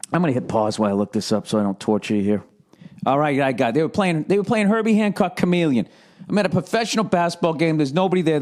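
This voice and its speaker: A middle-aged male comedian riffs alone, swearing freely and bouncing between mockery and disbelief. His voice sits a touch high for a man, and it jumps even higher when he mimics people. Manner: profane, animated, mocking. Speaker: comedian and podcast host. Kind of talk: casual rant.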